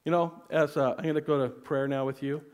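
Man preaching a sermon, slightly high voice. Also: steady tone, a little fast. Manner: earnest storytelling, dropping to soft hushed tones. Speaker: pastor.

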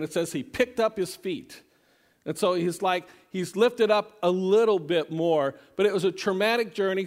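High-voiced man preaching conversationally. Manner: conversational, repeats words and restarts often. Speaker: pastor. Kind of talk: sermon.

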